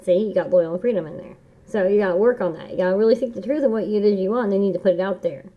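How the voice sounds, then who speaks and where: A woman's voice: mid-range voice, rapid-fire. A woman giving a casual tarot reading, talking in an earnest, encouraging way and repeating key phrases like a mantra. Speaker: tarot reader. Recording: dull lo-fi home recording.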